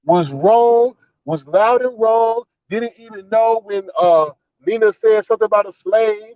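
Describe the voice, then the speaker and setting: High voiced guy ranting on his vlog, cussing, keeps repeating himself, dry muffled sound. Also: measured pace, hardly any pauses, a little mellow. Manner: indignant, profane, repetitive ranting. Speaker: commentator. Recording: slightly dull, dry recording.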